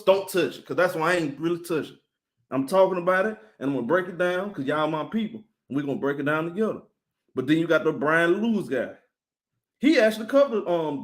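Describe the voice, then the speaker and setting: A man talks loosely and energetically, as if running his own live sports stream. His voice sits a little high for a man. He keeps turning to address his viewers directly. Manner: animated, talks straight to chat viewers, shouting them out.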